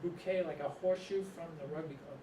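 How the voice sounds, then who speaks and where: A man's voice: fairly high pitch, fairly even intonation, quick pace. A middle-aged man from Massachusetts, telling rambling stories to a live audience and chuckling often. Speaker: author and storyteller. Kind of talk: storytelling talk to a live audience. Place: room with an audience. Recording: echoey room, distant mic, noisy.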